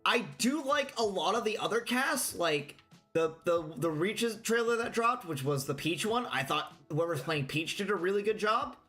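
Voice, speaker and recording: A man with a bright, forceful voice chats casually while playing a game. His pitch swings widely as he rants and swears, and he sits a little higher than most men. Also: moderate pace, soft background music. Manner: animated, ranting, swears. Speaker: game player.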